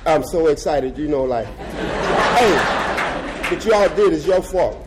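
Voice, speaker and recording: An older man giving an impassioned rally speech in colloquial, folksy phrasing, moving between shouted slogans and quiet reflection. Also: on the high side, expressive, slow, heavy background noise. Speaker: activist speaker.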